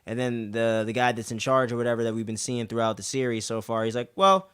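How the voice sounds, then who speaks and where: Young guy rambling through an episode recap, lots of "man" and "uh", smooth clear voice, dry close sound. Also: mid-range voice, flat delivery, fast talker, no room sound. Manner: loose and profane, acts out characters' lines in exaggerated voices; many fillers like "man" and "uh". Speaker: podcast host recapping an episode. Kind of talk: casual spoken recap.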